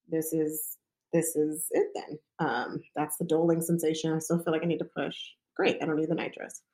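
Woman, midwife, casual storytelling, slightly low pitch, chatty, lots of fillers. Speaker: midwife telling her own birth story.

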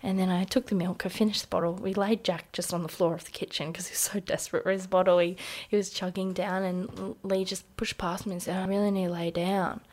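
A woman's voice: on the low side, level tone, quick pace, a little mellow. An Australian woman telling a personal story in a podcast interview, speaking conversationally and quoting dialogue as she goes. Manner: conversational, recounting events with quoted dialogue and frequent "like". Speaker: interview guest.

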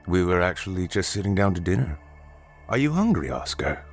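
A man's voice: low voice, very animated, brisk, soft background music, exaggerated voice. A man voicing a friendly, polite husband in a read-aloud story, speaking in a slightly hesitant way. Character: friendly husband, adult man, welcoming host. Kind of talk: storybook narration.

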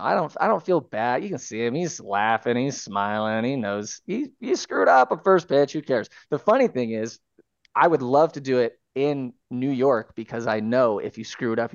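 A man's voice: mid-range voice, no room sound, muffled recording. A man guest co-hosting a baseball show, talking in an enthusiastic, rambling way. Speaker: guest co-host. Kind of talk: casual sports talk.

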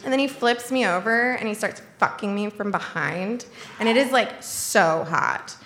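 A woman's voice: medium pitch, normal speed, fairly bright tone, a little hiss or hum. A young woman telling a comic personal story to an audience, chatty and full of "like", laughing as she goes. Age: young adult.

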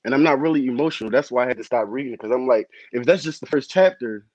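A male caller on a video call, speaking earnestly and haltingly about his feelings. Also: mid-range voice, a little mellow, no room sound, highs cut off. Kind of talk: casual call-in chat.

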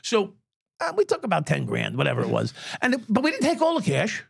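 Older man with a raised, gravelly voice that swings wide in pitch, telling profane stories as an interview guest in a dry, close-miked room. He talks with animated energy, swears freely and laughs at his own anecdotes. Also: quick pace, no echo. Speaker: podcast guest, former police officer.

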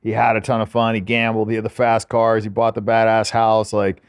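A man's voice: on the low side, completely flat delivery, fairly quick, smooth, no room sound, clean studio sound. A man telling stories as a podcast guest in a laid-back, profane way, full of filler words. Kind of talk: casual storytelling.

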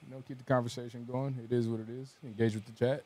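A man's voice: mid-range voice, flat delivery, fast talker, a little mellow, no echo. A young man co-hosting a casual podcast, talking in a laid-back way and shrugging things off. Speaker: podcast co-host. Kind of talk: casual chat.

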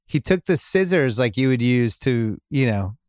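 A man's voice: mid-range voice, animated, normal speed, darkish tone, dry recording. A middle-aged man hosting a podcast, telling a long family anecdote in a rambling way and laughing at his own jokes. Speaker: podcast host. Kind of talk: casual storytelling chat.

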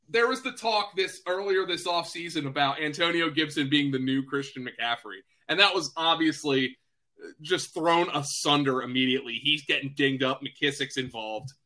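A man's voice: a little high, sharp tone. A man talking fantasy football in a casual podcast chat, chatty and self-deprecating, with lots of fillers and restarts.

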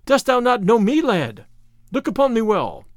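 A man's voice: very high voice, wildly swooping pitch, normal speed, dry recording, studio quality, pitched above the performer's own voice, exaggerated voice. A man voicing Robin Hood, a hearty, bold male outlaw leader who exclaims in old-fashioned speech.

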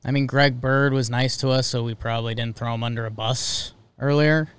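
A man's voice: mid-range voice, fairly even intonation, normal speed, a bit bright, clear, resonant tone. A man co-hosting a casual sports podcast, rambling with fillers and restarts. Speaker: podcast co-host.

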